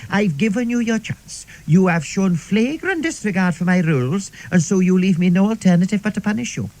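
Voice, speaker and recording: A man's voice: high-pitched, expressive, a little mellow. A man putting on a strict, prim older female schoolteacher in a radio comedy monologue. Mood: stern. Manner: prim and clipped, quickly shrieking.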